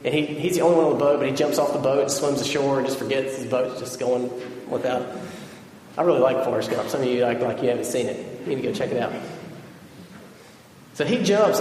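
A man's voice: on the high side, a little mellow. A man preaching a sermon in a casual, joking storytelling manner. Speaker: pastor. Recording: echoey hall with long reverb.

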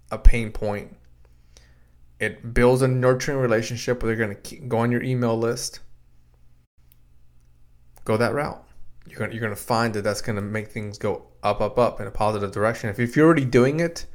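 A man in his thirties or forties hosting a casual solo podcast from a home studio, talking through advice in a conversational way, often repeating words and acting out quoted exchanges. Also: medium pitch. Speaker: podcast host and practice consultant. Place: home podcast room in a basement.

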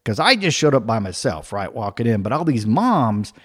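A man telling a comic personal anecdote, animated, acting out the other people's voices and laughing as he goes. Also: medium pitch, moderate pace. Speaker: storyteller.

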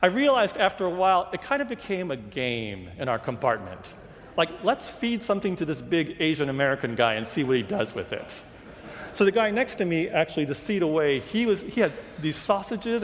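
A man's voice: on the high side, in a large hall. A male pastor giving a sermon, telling a personal travel story and acting out the reactions of the people in it. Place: church sanctuary.

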